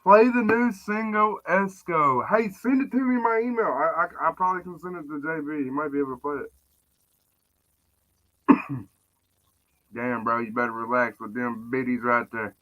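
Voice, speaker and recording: A man's voice: medium pitch, normal speed, pauses often, fairly bright tone, dull audio. A man talking in casual, profane, joking banter as a guest on a live podcast stream.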